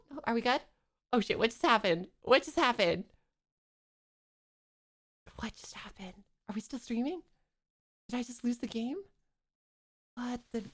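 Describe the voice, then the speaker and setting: A woman livestreaming a video game from her computer at home, chatting casually, excitable and joking, with frequent swearing. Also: mid-range voice. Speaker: streamer. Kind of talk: casual gameplay livestream chat.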